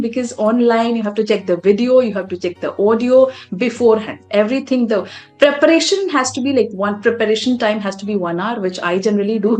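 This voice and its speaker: Woman, speaking coach, emphatic and animated delivery, faint music behind. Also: mid-range voice. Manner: animated, emphatic, demonstrates voice modulation. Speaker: public speaking coach, guest. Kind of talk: podcast interview, advice.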